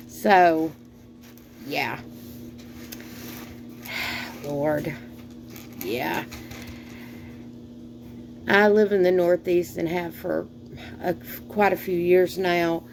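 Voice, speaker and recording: A middle-aged woman from the American South, a cooking vlogger with a Southern accent, chats casually and folksily while she cooks. She talks slowly, rambling with fillers and sighs, in a lowish, darkish voice, with slight background noise.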